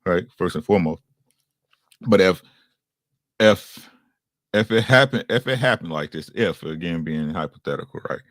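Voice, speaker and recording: Deep-voiced man talking casually. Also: normal speed, long pauses, no room sound, clean studio sound. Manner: relaxed, repeats "you know what I'm saying". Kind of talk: casual chat.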